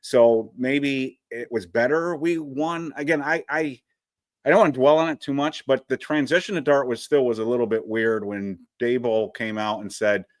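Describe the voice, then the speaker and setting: A man co-hosts a sports talk show, trading dry jokes at his own expense. His voice is mid-pitched and plain. The recording is close and dry, with no room sound. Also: fairly even intonation, moderate pace, no echo. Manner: wry, joking, self-deprecating. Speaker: senior editor, co-host. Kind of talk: casual sports chat.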